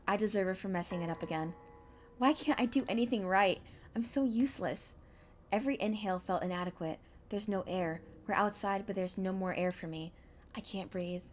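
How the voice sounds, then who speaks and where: A young woman streamer reading a visual novel aloud, with expressive, anxious narration and small stumbles. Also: on the low side, slight background noise.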